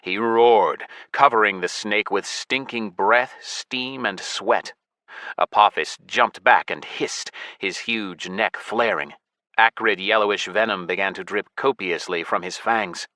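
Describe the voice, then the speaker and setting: A man narrating a science fiction audiobook in the first person, with steady, measured storytelling on a close studio mic. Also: lowish voice, no room sound.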